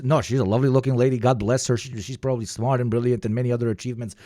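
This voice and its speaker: A man's voice: mid-range voice, fairly even intonation, racing, few pauses, dark tone, dry recording, studio quality. Rambling, profane man riffing on stream. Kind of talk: casual reaction commentary.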